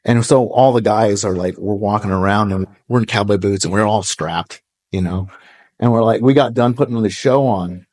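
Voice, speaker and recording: A man's voice: on the low side, moderate pace, darkish tone. A middle-aged man preaching a sermon, telling stories with animation and acting out quoted voices. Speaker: pastor. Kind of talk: sermon storytelling. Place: church hall, live audience.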